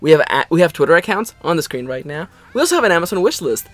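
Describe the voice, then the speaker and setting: A man's voice: fairly high pitch, very fast, dry recording, faint music behind. A man co-hosting an anime reaction video in casual chat, joking and restarting his words. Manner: animated, jokey, stumbling restarts.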